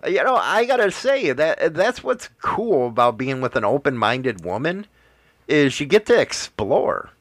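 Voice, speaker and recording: A man's voice: fairly high pitch, big pitch swings, unhurried, a bit bright, no room sound, studio quality. A man co-hosting a podcast, trading crude jokes and teasing in casual chat. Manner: crude joking banter; playful teasing. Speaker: podcast co-host.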